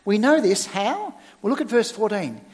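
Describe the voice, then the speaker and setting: A middle-aged male church minister preaching a sermon, with emphatic, expressive delivery and sudden loud stresses. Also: high voice, moderate pace, big-room sound.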